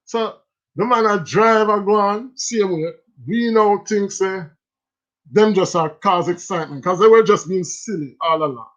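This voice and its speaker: High-voiced Jamaican man telling stories. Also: normal speed. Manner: animated, laughs often, speaks in patois. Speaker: livestream host. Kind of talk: casual storytelling. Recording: slightly dull lo-fi sound.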